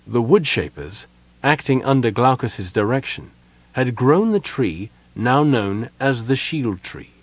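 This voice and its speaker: Husky-voiced man narrating a fantasy audiobook. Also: mid-range voice, animated, unhurried, no room sound.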